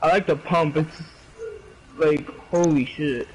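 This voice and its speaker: A man's voice: a little high, steady tone, takes it slowly, a little hiss or hum, poor audio. A young man joking and making puns with friends during a game. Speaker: gaming friend. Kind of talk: casual gaming chat.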